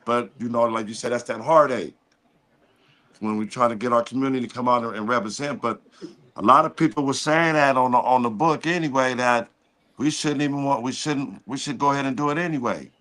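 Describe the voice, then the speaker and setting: Bright-voiced man, blunt and emphatic. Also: medium pitch, a little fast. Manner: blunt and emphatic, swears freely. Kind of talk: casual chat.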